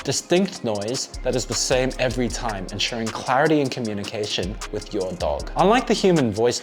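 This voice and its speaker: Guy explaining dog training, voice moves up and down a lot, soft music under it. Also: mid-range voice. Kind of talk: scripted instructional narration.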